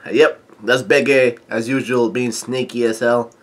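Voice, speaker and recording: A man recapping and commenting on a comic chapter in a casual, halting way, with lots of filler sounds and restarts, reading quoted lines mostly flat. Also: medium pitch. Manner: halting, stop-start delivery with frequent filler sounds. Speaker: manga chapter reviewer.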